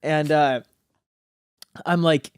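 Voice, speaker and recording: A man's voice: on the high side, fairly even intonation, extremely slow, clear, resonant tone, no room sound, studio quality. A teenage man, a podcast guest, telling a rambling story in casual chat with plenty of filler words. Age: teens.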